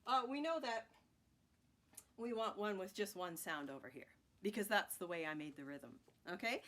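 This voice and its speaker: Lively sing-song woman teaching children. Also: a little high. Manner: encouraging, sing-song chanting of rhythm words. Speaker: music teacher. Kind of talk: children's music lesson.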